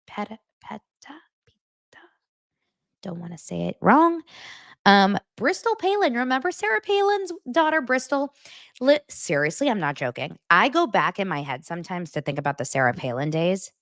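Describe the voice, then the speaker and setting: A young adult woman hosting a casual celebrity gossip show, chatty and animated, jumping between stories with quick asides. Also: mid-range voice, no echo, clean studio sound. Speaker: host.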